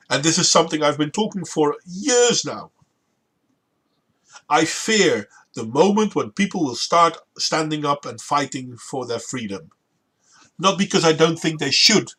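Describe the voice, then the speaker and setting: A man with a Dutch accent hosting a stream, debating politics in a measured, deliberate way. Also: fairly high pitch, lively intonation, pushed and bright, husky. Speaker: stream host.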